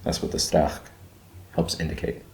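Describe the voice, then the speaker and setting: A man's voice: moderate pace, a little mellow, roomy sound, a little hiss or hum, poor audio. A man hosting a reaction video, thinking aloud with fillers and repeating words as he tries saying them. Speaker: channel host reacting to a video. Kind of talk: casual reaction commentary.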